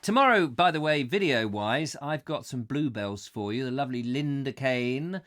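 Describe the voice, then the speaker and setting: A man's voice: mid-range voice, normal speed, dry recording. A man hosting a live call-in chat show, rambling and joking as he chats to callers, with a slight cough. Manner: chatty, jokey, animated, laughs often. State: recovering from a cough.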